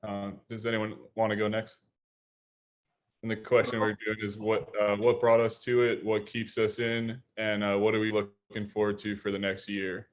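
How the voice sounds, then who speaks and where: Male moderator, low and monotone, brief. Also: normal speed. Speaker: roundtable moderator. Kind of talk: moderating a discussion.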